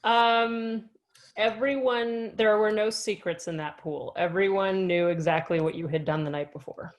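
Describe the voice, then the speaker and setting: A woman, a former player, telling stories in an interview in a lively way and laughing often. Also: mid-range voice, measured pace, dull audio. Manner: animated storyteller, laughs often. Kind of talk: casual interview.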